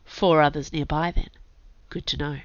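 Brief: woman audiobook narrator, brisk and gritty; dry, lo-fi recording. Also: low-pitched, steady tone, no room sound. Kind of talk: scripted narration.

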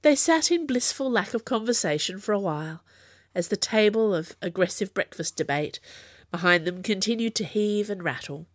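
A woman reads her own serialised fiction aloud with animated, expressive storytelling. Her voice rises and falls in a wide, lively range, and the recording is close and dry with no room echo. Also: medium pitch, normal speed. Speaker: author and podcast narrator. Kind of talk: scripted narration of fiction.

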